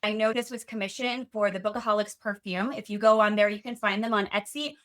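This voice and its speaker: Bright-voiced woman gushing about books. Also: medium pitch, fairly even intonation, brisk. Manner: enthusiastic, gushing, swears casually. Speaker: podcast host. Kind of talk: casual book chat.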